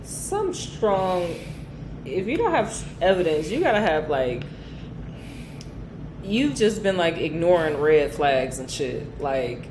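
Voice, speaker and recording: A woman's voice: fairly low pitch, big pitch swings, slow pace, roomy sound, background noise. A young woman co-hosting a podcast, talking bluntly and animatedly and swearing freely. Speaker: podcast co-host. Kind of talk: casual chat.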